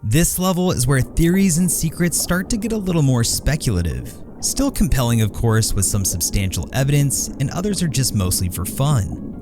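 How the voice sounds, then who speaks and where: Guy narrating a gaming video essay, bouncy intonation, soft music under it. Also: mid-range voice. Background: background music.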